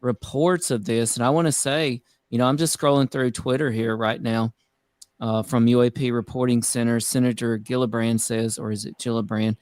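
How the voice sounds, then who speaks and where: A man hosting a casual live-stream chat, talking in an energetic, conversational way with emphatic asides. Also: medium pitch, normal speed, no echo. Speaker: host.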